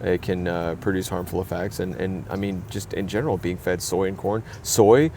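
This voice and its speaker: A man's voice: low voice, fairly even intonation, normal speed, dark tone, slight background noise. A man co-hosting a podcast, chatting casually in a rambling, jokey way that keeps correcting itself. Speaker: podcast co-host. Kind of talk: casual chat.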